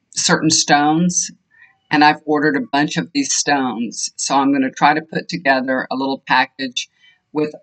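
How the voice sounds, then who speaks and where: Chatty older woman telling home stories. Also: sits low. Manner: rambling, chatty storytelling with fond laughter. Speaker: tarot reader and energy healer. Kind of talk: casual chat to viewers. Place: home room, fan switched off.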